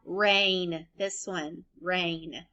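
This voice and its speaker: Female elementary teacher, recorded lesson for little kids; slow, deliberate, clear spelling-out. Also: on the low side, fairly even intonation, bright, forceful tone, dull audio. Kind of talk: remote phonics lesson for young children.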